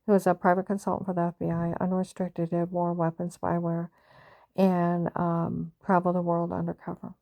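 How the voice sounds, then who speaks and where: A woman's voice: lowish voice, completely flat delivery, moderate pace, vocal fry, dark tone, no echo. A woman telling a personal story in a rambling, agitated monologue, often reenacting conversations and repeating herself. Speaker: vlogger recounting a personal story.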